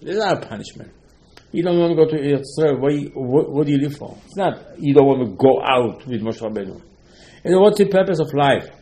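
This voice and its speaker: A man giving a religious lecture, his voice set at an ordinary middle pitch. He drives each point home by repeating it, jumping from quiet asides to loud insistence. His English phrasing is slightly non-native. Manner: emphatic, repeats key points, swings between loud and soft. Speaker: rabbi giving a Torah lesson.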